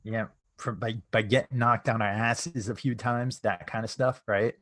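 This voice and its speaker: A man's voice: fairly low pitch, steady tone, normal speed, a bit bright, dry recording. A man presenting a casual live webinar, chatty, often tagging his sentences with "right?".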